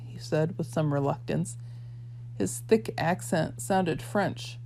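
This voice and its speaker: A woman with a fairly low voice reads a novel aloud in a measured, even storytelling manner. A faint hum sits under her voice. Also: gravelly. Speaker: audiobook reader. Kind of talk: scripted audiobook narration.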